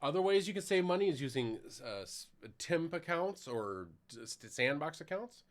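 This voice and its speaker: A man's voice: fairly high pitch, sing-song, moderate pace. A middle-aged man giving a conversational technical conference talk with a live demo, explaining plainly with some fillers. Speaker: conference presenter.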